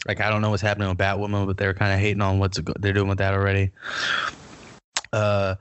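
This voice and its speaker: A young man co-hosting a casual podcast chat, playful and jokey, talking in quick bursts. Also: sits low, completely flat delivery, clean tone, dull audio. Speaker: podcast co-host.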